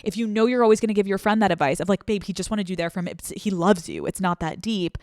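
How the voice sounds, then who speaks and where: A woman with a medium-pitched, darkish voice talks fast on her solo advice podcast, recorded at studio quality with no room sound. She's candid and swears freely, acting out the voices of the people she quotes.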